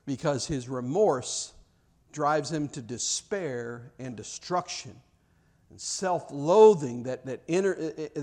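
A man delivers a fervent sermon in a high-pitched voice. He drives his points home through repetition, stumbling over words as he builds toward loud, passionate cries. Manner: impassioned, rising to loud cries, repetitive emphatic phrasing. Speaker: preacher.

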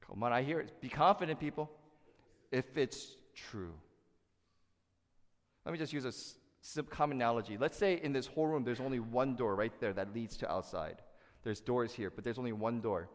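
A man's voice: mid-range voice, moderate pace. A man preaches from the pulpit in a mid-range voice, pushing the congregation to speak along with him. His voice carries a long reverb of a large church hall. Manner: animated, asks the congregation to respond. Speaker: pastor. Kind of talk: sermon.

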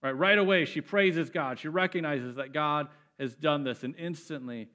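A man preaching a sermon, animated and emphatic, often repeating words as he builds up. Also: a little high, normal speed. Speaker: pastor.

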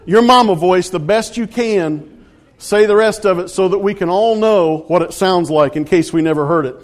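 Man pastor kidding with his church, kinda high voice, easygoing sermon. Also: moderate pace. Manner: playful, teasing, loose with restarts. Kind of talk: casual joking sermon.

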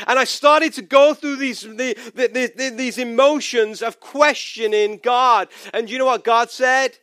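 High-voiced man preaching a sermon. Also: moderate pace, few pauses, a bit bright, no echo, studio quality. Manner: personal, conversational preaching with restarts. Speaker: pastor.

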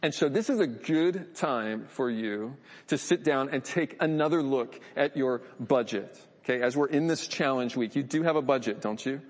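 Guy preaching a sermon, mid pitch, chatty and earnest, big hall echo. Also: normal speed. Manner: earnest, conversational, repeats words while thinking. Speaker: pastor.

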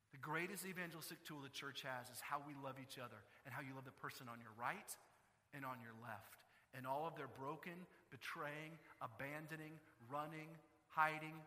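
Male pastor, bright forceful tone, fairly high, preaching with passion in a reverberant church hall. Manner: impassioned, rising to emphatic peaks then dropping to quiet. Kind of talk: sermon.

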